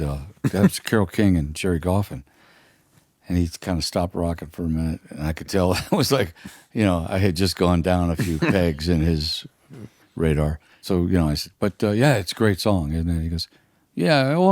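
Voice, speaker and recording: An older man with a husky, very low voice and a dark, mellow tone. He tells his stories slowly and haltingly, with many fillers. The sound is close and dry. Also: dry recording. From United States. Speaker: guest musician. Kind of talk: casual storytelling.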